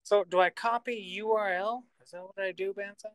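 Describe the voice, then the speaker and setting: A man's voice: high voice, fairly even intonation, moderate pace, clean tone, no echo, poor audio. A man hosting a casual livestream, joking and swearing while he fumbles with a computer. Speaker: host.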